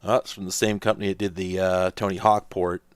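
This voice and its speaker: A man's voice: low-pitched, flat delivery, a little fast, clean tone, no echo. A man hosting a casual let's-play, rambling and thinking aloud with lots of fillers as he plays. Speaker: host.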